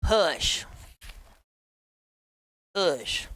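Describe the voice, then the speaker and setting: A woman's voice: on the low side, big pitch swings, extremely slow, fairly bright tone, dry recording. A middle-aged woman with a Southern US accent hosting a crafting tutorial, folksy and wisecracking, calling her viewers y'all.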